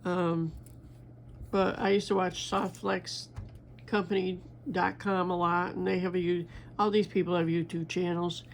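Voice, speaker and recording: Slow, gravelly older woman chatting. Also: lowish voice, level tone, slight background noise. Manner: rambling, halting, many fillers and restarts. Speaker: crafting vlogger. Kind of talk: casual chat while beading.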